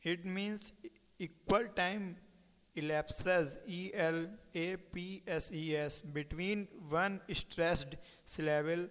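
Slow, dictating male teacher in reverb. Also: sits high, fairly even intonation, a bit bright, clear, resonant tone. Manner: reads notes aloud slowly, spelling words letter by letter. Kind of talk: slow dictated lesson, spelling words out.

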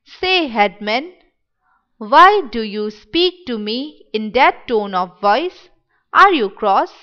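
A woman reading the part of a sick, wistful young village boy in a dramatic play reading, in a gentle, wondering manner. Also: a little high, expressive, slow, muffled recording. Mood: eager.

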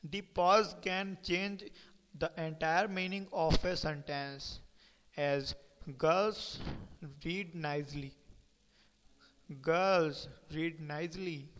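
Slow man dictating a lesson. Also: on the high side, steady tone, a bit bright, in a large hall, slight background noise, poor audio. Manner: dictates headings and spells words letter by letter. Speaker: teacher. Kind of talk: reading a textbook aloud as a lecture.

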